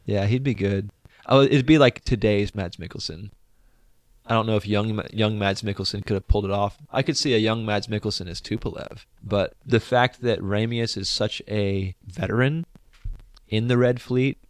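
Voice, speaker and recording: Low-voiced man co-hosting a film podcast. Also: fairly even intonation, moderate pace, no room sound. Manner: thoughtful, hedging, repeats words when restarting. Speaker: podcast co-host. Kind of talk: casual film review chat.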